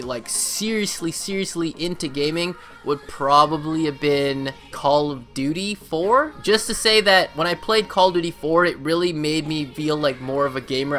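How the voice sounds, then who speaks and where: A man's voice: a little high, sharp tone. A young man from Canada answering viewer questions in a casual, rambling chat, full of fillers and restarts.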